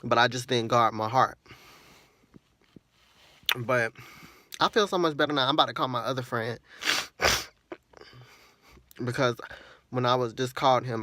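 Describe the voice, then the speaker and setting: A man's voice: medium pitch, measured pace, long pauses, pushed and bright, no echo. Earnest man venting in a dry vlog. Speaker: vlogger. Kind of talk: emotional personal vlog.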